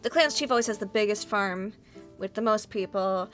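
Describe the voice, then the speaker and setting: A woman's voice: medium pitch, normal speed, a bit bright, soft background music. A woman game master narrating a tabletop game in a loose, rambling way with many fillers.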